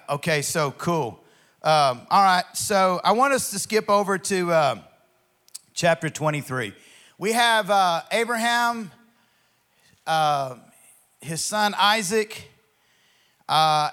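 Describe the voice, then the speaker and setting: A man, a pastor, teaching a Bible study in an enthusiastic, conversational way, reading verses aloud and commenting between them and often clearing his throat. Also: medium pitch, bright, forceful tone.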